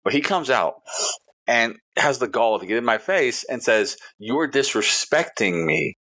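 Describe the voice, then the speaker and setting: A man's voice: medium pitch, expressive, moderate pace, pushed and bright. A man co-hosting a casual podcast, telling a story in a heated, profane way. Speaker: podcast co-host.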